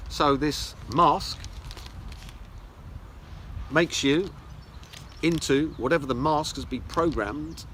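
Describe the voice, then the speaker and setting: A man's voice: on the high side, slow, long pauses, a bit bright, slight background noise. A man giving a mocking lecture, reading articles aloud with scornful, sarcastic asides. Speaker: esoteric teacher.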